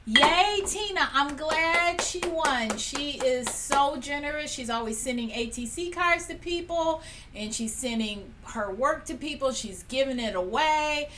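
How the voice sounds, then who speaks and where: High-voiced woman chatting on a live stream. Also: bright, forceful tone. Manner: chatty and cheerful, laughs often, talks straight to viewers. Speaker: host of a live painting stream. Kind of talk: casual live-stream chat, running a prize drawing. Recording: a little distant from the mic, faint room noise.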